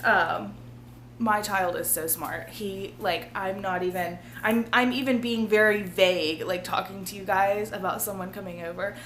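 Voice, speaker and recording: A woman, hoarse and losing her voice, talking casually and earnestly to her viewers in a rambling vlog, often laughing. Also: medium pitch, fairly even intonation, moderate pace, fairly bright tone, slight background noise. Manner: rambling, earnest, laughs often, drops to a near-whisper at times. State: losing her voice, feeling ill. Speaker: vlogger.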